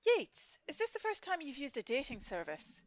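A woman's voice: high voice, wildly swooping pitch, moderate pace. A woman playing a dry, sarcastic dating agent with an Irish accent in a comedy sketch.

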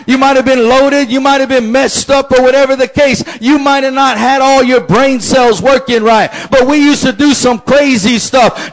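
A man, a pastor, preaching a lively sermon with shouted call-and-response. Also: very high-pitched, normal speed, few pauses, rough recording.

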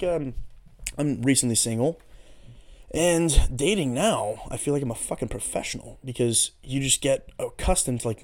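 A man's voice: medium pitch, darkish tone. A man hosting a casual solo podcast, rambling through goofy tangents with lots of swearing. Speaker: podcast host.

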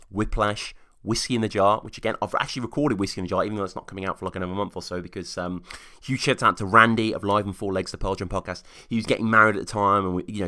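Fast-talking, bright-voiced man hosting a podcast. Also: lowish voice. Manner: fast, chatty, enthusiastic, casual swearing. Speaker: podcast host. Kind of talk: solo podcast talk, reading listener comments.

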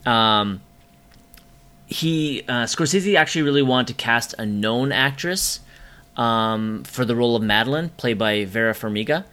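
A man co-hosting a casual movie podcast, chatting excitedly with lots of ums and frequent swearing. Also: medium pitch, measured pace. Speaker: podcast co-host.

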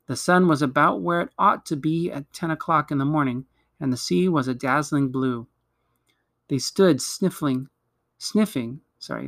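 Higher-voiced man reading a storybook. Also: creaky, fairly bright tone, no echo, clean studio sound. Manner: measured, with occasional slips and self-corrections. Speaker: reader. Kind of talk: reading a children's novel aloud.

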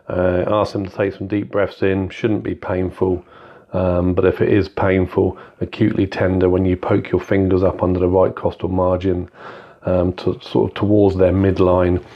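A low-voiced man explaining an examination technique in an even, flat delivery. He talks methodically, with plenty of ums and uhs. The sound is dull and a little lo-fi. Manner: methodical, instructive, with frequent fillers. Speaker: clinical skills teacher. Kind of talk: spoken medical teaching walkthrough.

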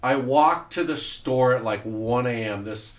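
A man hosting a podcast, telling a profane story in a casual, animated way and acting out voices. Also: mid-range voice, a little slow, roomy sound, distant mic. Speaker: podcast host. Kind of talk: casual storytelling over drinks. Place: podcast studio.

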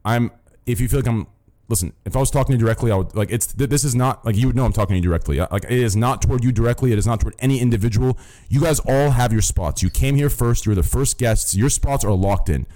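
A man's voice: medium pitch, fast talker, dark tone. A young man hosting a stream voice chat, ranting bluntly with constant swearing and repeated "listen" and "okay?". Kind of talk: casual profane stream rant.

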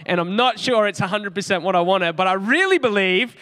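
A man's voice: sits high, a little fast, sharp tone, smooth. An Australian man preaching a sermon in an earnest, chatty storytelling way, often with a light laugh. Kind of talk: conversational sermon.

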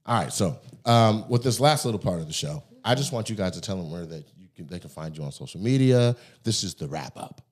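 A man hosting a podcast in a studio, giving a laid-back promotional pitch with fillers. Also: animated, brisk, hardly any pauses, husky. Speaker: podcast host. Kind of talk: casual chat. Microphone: studio microphone.

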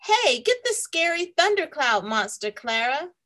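A woman's voice: high voice, big pitch swings, measured pace, bright, forceful tone, pitched above the performer's own voice, heavily acted. A woman voicing a boisterous little boy who loves smashing things, rowdy and enthusiastic.

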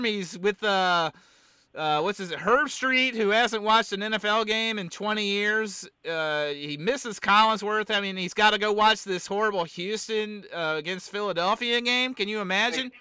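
A man with a high, bright, crisp voice talks through a sore throat in a loose sports chat. He rambles and loses his thread, then circles back. The sound is close and dry. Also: a little slow, no room sound. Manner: rambling, keeps getting sidetracked. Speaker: podcast host.

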